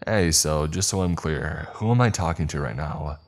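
Give me a man playing a sarcastic teenage boy, low and blunt. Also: normal speed, soft background music.

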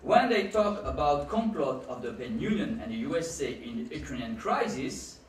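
Animated man lecturing in a hall. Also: a little high, moderate pace, a little hiss or hum. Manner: emphatic, repeats key words, non-native phrasing. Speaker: conference speaker. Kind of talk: conference lecture. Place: conference hall. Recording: roomy hall, mic at a distance.

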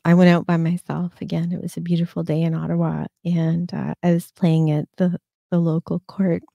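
A woman in her fifties hosts a casual livestream, rambling through stories with plenty of fillers and restarts. Her voice sits a bit low and sounds mellow, recorded dry and close. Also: no echo. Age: 50s. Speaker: host.

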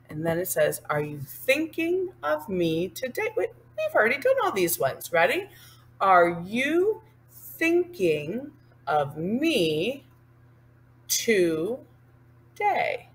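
Over slight background noise, a woman with a fairly low voice teaches sign language. Patiently, one sign at a time, she explains each hand movement slowly and then sings the line.

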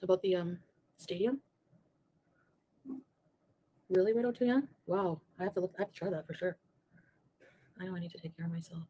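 A woman's voice: fairly low pitch, fairly even intonation, normal speed, long pauses, mellow, slightly rough. A woman on a played livestream clip, rambling and greeting viewers by name. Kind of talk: chatty livestream talk to viewers.

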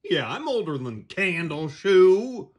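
A man voicing a brash ninety-year-old male cartoon dog in a comedy puppet sketch, yelping out loud, shrill lines. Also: sing-song, slow, slightly rough, heavily acted. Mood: boastful.

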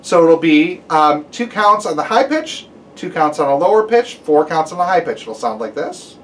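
A man's voice: a little high, very animated, moderate pace, recorded from a distance, slight background noise. A man teaching a guided brass lesson, giving step-by-step instructions and counting aloud, with some "um" and "uh" fillers.

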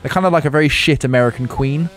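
A man's voice: medium pitch, fast talker. A man co-hosting a gaming video, rambling and teasing, often fumbling for words. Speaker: let's play co-host. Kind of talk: casual gaming banter.

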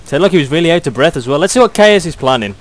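A young British man doing excitable play-by-play commentary on a video game match, chuckling often. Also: fairly high pitch, rapid-fire, a little hiss or hum.

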